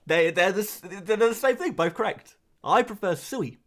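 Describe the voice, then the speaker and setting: A young man from England talks loosely to his live-stream chat, and his pitch sits a little high. His voice leaps up and down as he rambles through quick asides and answers to questions. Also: animated, fairly bright tone.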